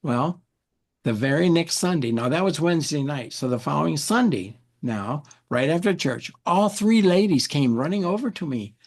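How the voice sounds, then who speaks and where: A man, an interview guest, telling an animated story, often repeating words and acting out what people said. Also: fairly high pitch, normal speed. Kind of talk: anecdotal storytelling.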